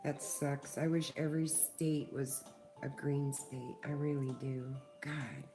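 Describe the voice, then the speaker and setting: A woman's voice: rumbling low, flat delivery, takes it slowly, over music. A middle-aged woman hosting a casual livestream, chatting with viewers and swearing freely. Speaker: livestream host.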